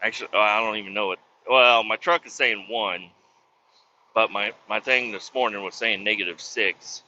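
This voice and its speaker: A man's voice: lowish voice, fairly even intonation, moderate pace, pushed and bright. A truck driver venting in a profane, casual vlog monologue from his cab. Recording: dull lo-fi audio with faint road noise.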